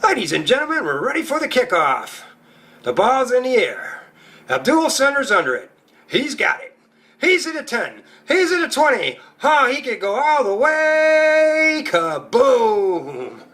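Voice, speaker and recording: A comedian playing an excited male sports announcer, calling a kickoff in a rising play-by-play on a stand-up stage. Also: extremely high pitch, measured pace, voice pushed up, full character voice.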